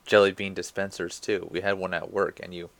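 A young married man co-hosting a casual podcast, telling animated stories with dry jokes. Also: deep voice, brisk, vocal fry. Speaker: podcast co-host. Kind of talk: casual chat.

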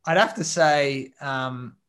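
A man in a casual interview, answering with many pauses and restarts. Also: medium pitch, fairly bright tone. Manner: hesitant, many ums and restarts. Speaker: guest, coach and mentor.

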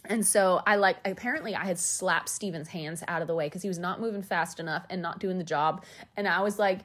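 A podcast host, a woman, tells a personal story briskly, candidly and chattily, with asides along the way. When she acts out quoted lines, she breaks into sudden high shouts.

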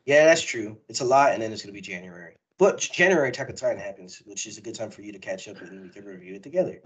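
A man co-hosting a casual pop-culture podcast, talking excitedly and rambling with frequent laughs. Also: on the low side, racing, breathy edge, poor audio. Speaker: podcast co-host. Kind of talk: casual chat.

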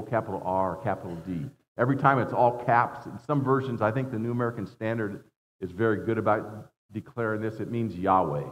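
Guest preacher, male, earnest sermon delivery with repeated words, slightly muffled in a long-echo sanctuary. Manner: earnest preaching, voice dropping low and rising for emphasis; repeats words when building a point. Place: church sanctuary. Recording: dull sound in a long-reverb hall.

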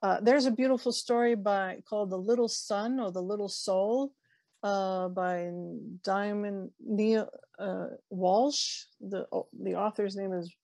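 A woman's voice: medium pitch, steady tone, a little slow, darkish tone, no echo. A woman in a casual spiritual conversation, talking earnestly and often repeating herself as she restarts sentences.

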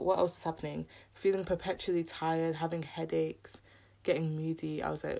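A woman's voice: low voice, fairly even intonation, moderate pace, creaky, a little mellow. A young woman from the UK hosting her own podcast, talking casually and candidly with a scratchy, sore throat and a little out of breath. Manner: chatty, candid and rambling. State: a bit out of breath. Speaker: podcast host. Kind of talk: casual solo podcast chat.

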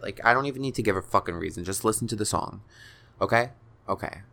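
A man's voice: on the low side, expressive, fast talker, bright, forceful tone. A young man hosting his own podcast, telling a story in a casual chat, talking close to the mic, swearing often and filling his talk with "like". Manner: chatty, swears often, says "like" a lot, laughs between phrases. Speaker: podcast host.

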